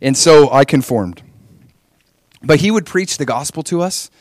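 A man from Hawaii preaching, telling his own testimony with animated storytelling and frequent rhetorical questions. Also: on the high side, a little slow, no echo, clean studio sound. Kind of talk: testimony sermon.

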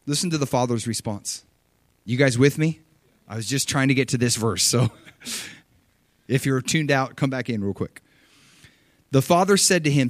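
Animated preacher man giving a sermon. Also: mid-range voice, moderate pace, long pauses, no room sound. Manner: animated, emphatic, reads scripture aloud and riffs on it.

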